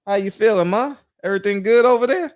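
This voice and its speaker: A man's voice: high voice, quick pace, dry recording. Profane livestream host man, dry sound. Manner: loose, profane, greets viewers by name. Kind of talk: casual chat.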